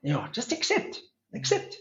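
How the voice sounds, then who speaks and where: Animated man, roomy sound. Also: normal speed. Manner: animated, acts out his own inner dialogue. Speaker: podcast guest. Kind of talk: storytelling in conversation. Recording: roomy, slightly dull recording.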